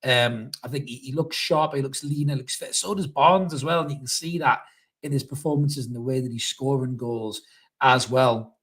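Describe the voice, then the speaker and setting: A man hosting a live football reaction stream, reading viewer comments with excitable, sweary banter. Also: medium pitch, moderate pace. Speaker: fan channel host reading live comments.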